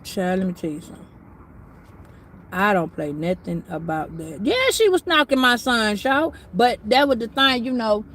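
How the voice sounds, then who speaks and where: A woman's voice: mid-range voice, sing-song, normal speed, a bit bright, slight background noise. A middle-aged woman giving a casual astrology reading, talking bluntly, preachily and with plenty of swearing. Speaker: tarot reader.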